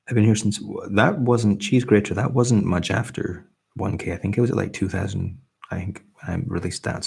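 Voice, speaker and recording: A young man with a slight Scottish accent, hosting a relaxed livestream and chatting softly as he reads out and answers viewer comments. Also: low-pitched, gravelly, slightly rough. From Britain. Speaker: ASMR livestream host. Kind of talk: casual soft-spoken live chat.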